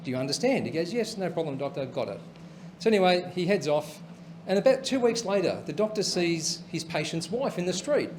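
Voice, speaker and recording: A man's voice: high voice, animated, fairly quick, a little mellow, a little hiss or hum, poor audio. A man hosting a comedy show, telling jokes as a chatty storyteller who acts out the voices and laughs at his own punchlines. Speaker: host.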